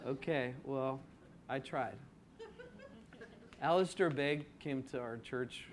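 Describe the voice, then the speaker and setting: A man's voice: medium pitch, slow pace. A man preaching an expository sermon in a conversational way, asking his congregation rhetorical questions and stretching out key words for emphasis. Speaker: pastor.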